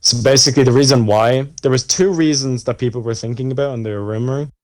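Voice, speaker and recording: A man's voice: medium pitch, fast, dry recording. A young Irish man co-hosting a podcast, telling a long story in a rambling, profane way with plenty of fillers. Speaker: podcast co-host. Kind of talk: casual chat.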